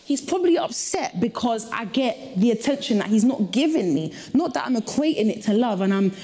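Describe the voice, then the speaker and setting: Mellow-voiced woman defending herself firmly. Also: fairly high pitch, lively intonation, brisk, slightly rough. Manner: firm, defensive, argues point by point. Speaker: guest in a couple's dispute. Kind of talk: casual debate.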